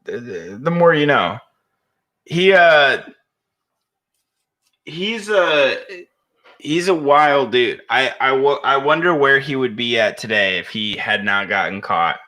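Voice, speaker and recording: A young man co-hosting a podcast, chatting casually in a rambling, profane way with halting restarts. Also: mid-range voice, expressive, pushed and bright. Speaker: podcast co-host. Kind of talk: casual crude chat.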